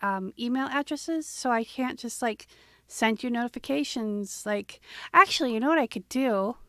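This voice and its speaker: A woman's voice: a little high, normal speed, pushed and bright, no room sound, clean studio sound. A woman hosting an art livestream, chatting casually and thinking aloud as she goes. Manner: rambling, thinks aloud with fillers. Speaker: livestream host and artist.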